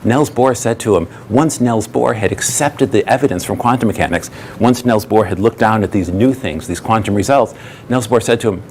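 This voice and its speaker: A man tells an anecdote with animation. His voice sits low. Faint noise sits behind him. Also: moderate pace, a little mellow. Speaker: speaker. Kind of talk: storytelling talk.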